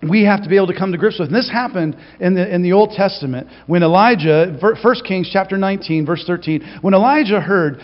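A man preaching a sermon as pastor, telling the story with animated delivery and acting out the quoted lines. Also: high voice, brisk, hardly any pauses. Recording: reverberant, dull lo-fi hall recording.

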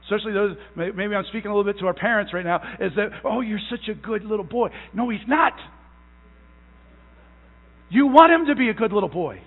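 High-pitched man preaching in an echoing hall. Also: expressive. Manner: emphatic, stretches out key words; repeats phrases, halting restarts. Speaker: pastor. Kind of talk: sermon. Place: church sanctuary. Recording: tinny phone-like sound in a long-echo hall.

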